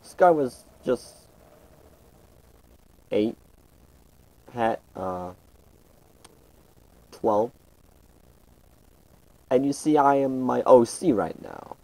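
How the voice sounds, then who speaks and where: A man's voice: medium pitch, animated, very slow, pauses often, warm tone, poor audio. A man giving casual, rambling commentary over his gameplay, often stopping and restarting his sentences. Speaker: gaming channel host.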